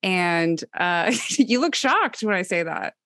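A woman's voice: fairly low pitch, sing-song, slow, fairly bright tone, no room sound, clean studio sound. A woman guesting on a podcast, joking and chatting. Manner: bubbly, joking, laughs often. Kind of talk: casual chat.

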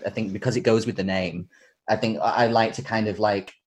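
A man's voice: fairly low pitch, fairly even intonation, a little fast, slight background noise. A man hosting a casual panel chat, asking guests questions and nodding along with frequent affirmations. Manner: supportive listener, lots of backchannel. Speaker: host.

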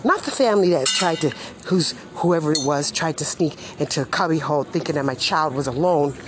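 A woman's voice: deep voice, lively intonation, a little fast, background noise. An indignant mother ranting angrily and profanely about how an agency has treated her. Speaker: mother venting about social services. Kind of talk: angry monologue rant.

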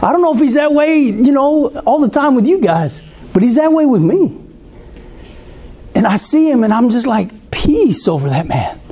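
A man's voice: extremely high pitch, very animated, moderate pace, dark tone, husky. A man preaching a conversational sermon, asking the congregation questions.

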